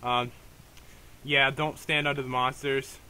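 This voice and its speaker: A man's voice: medium pitch, flat delivery, unhurried, bright, forceful tone, smooth. A young man hosting a game let's play, talking casually with lots of fillers and restarts. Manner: rambling, hesitant, many fillers and restarts. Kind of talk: casual gameplay commentary.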